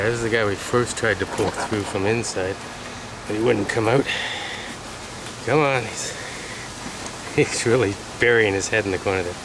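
A man working in wildlife removal outdoors by a shed, calmly explaining his work and gently coaxing. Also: fairly low pitch. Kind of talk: explaining on the job. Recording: loud background noise outdoors.

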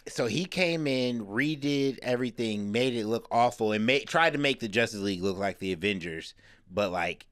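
A man's voice: lowish voice, no echo, clean studio sound. A man co-hosting a podcast, talking casually and explaining a story at length with lots of fillers. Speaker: podcast co-host. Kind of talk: casual chat.

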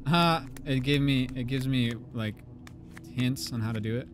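A young man giving let's play commentary on a horror game, swearing and shouting at jump scares, his voice going hoarse from screaming. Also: mid-range voice, unhurried. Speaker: gaming YouTuber. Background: game music.

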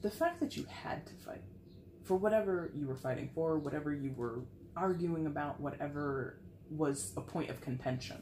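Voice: medium pitch, moderate pace, darkish tone, a little hiss or hum. A tarot reader giving a casual, frank reading to camera, sighing often and swearing now and then. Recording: echoey room with faint ambience.

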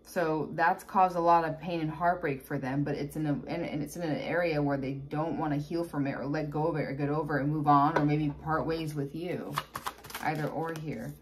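A woman's voice: low voice, fairly even intonation, fairly quick, slight background noise. A woman giving a casual tarot reading, chatty and blunt, with exasperated asides. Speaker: tarot reader.

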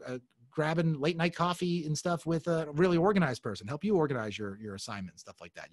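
A man's voice: on the high side, dry recording. A man presenting a webinar on a video call, enthusiastic and motivational, often calling the audience folks. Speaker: webinar speaker.

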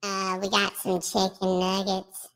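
A man through a creaky high voice filter. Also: completely flat delivery, a little slow, fairly bright tone, exaggerated voice. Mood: hyping. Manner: swaggering, slangy hype talk while eating. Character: filtered high creaky male voice, brash streetwise eater. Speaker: streamer doing a mukbang.

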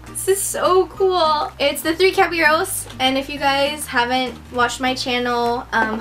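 A young woman chatting excitedly on her vlog as she unboxes a gift package, gushing with many exclamations. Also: a little high. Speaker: vlogger.

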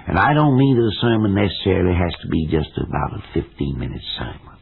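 An older Southern American preacher with a very deep, gravelly, raspy voice delivers an old-time radio sermon. He talks in a folksy, emphatic way. The sound is thin and tinny, like a vintage radio broadcast. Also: sing-song, quick pace. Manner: folksy, emphatic, with plain homespun examples. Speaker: evangelist preacher.

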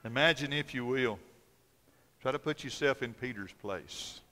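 A male pastor preaching a sermon, telling the story dramatically, swinging between loud emphasis and hushed tones. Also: mid-range voice, measured pace. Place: church sanctuary. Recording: long church hall reverb.

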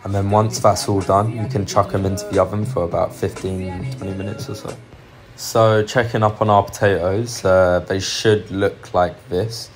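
A man's voice: sits low, flat delivery, moderate pace. A young man narrating a home cooking video in a casual, joking way, with sardonic asides and easy laughs. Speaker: cooking vlogger. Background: background music.

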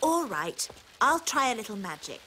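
An actress playing a patient fairy queen who soothes her husband in a sensible, gentle way. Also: a little high, very animated, moderate pace, a little hiss or hum.

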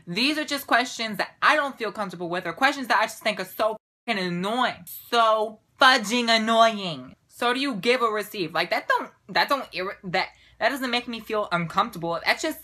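A woman's voice: mid-range voice, sharp tone. A young woman ranting in a casual vlog to her camera, sassy and exasperated, with a mocking edge. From Puerto Rico. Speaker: vlogger.

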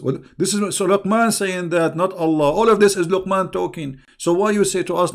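A man's voice: high-pitched, a little fast, hardly any pauses. A middle-aged man hosting a casual online livestream, talking in a sarcastic, mocking way and chuckling often. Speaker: online religious debate host.

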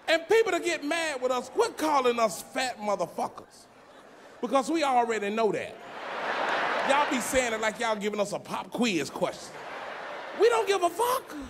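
A man doing stand-up comedy on a big theater stage, talking loudly and often shouting his punchlines. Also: very high voice, sing-song, normal speed, long pauses. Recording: live theater show, loud crowd and noise.

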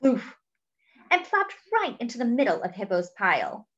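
A woman reading a children's picture book aloud, pointing out the pictures as she goes. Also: fairly high pitch. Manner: slow, animated, pointing out pictures. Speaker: storyteller. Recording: dull lo-fi recording.

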